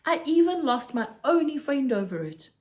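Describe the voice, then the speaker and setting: A woman reading aloud, voicing an upset, impulsive rich schoolboy in a raised, higher, emphatic voice. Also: big pitch swings, moderate pace, darkish tone. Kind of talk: storybook read-aloud.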